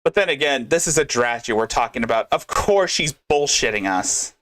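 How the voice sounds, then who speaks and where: A man's voice: mid-range voice, expressive, normal speed, fairly bright tone. A man hosting a casual commentary podcast, rambling and swearing loosely. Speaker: host.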